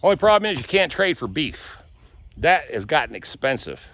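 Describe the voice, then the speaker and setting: A man's voice: a little high, big pitch swings, normal speed, a bit bright. A man vlogging casually, walking through his garden and telling folksy stories. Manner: folksy storyteller. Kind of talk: casual vlog walk-through. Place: rural garden outdoors.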